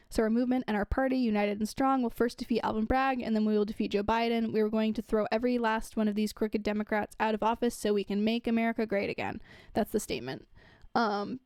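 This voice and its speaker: A woman's voice: on the high side, a little mellow, clean tone, no echo. A young woman giving casual commentary, reading news quotes aloud and adding chatty asides with fillers.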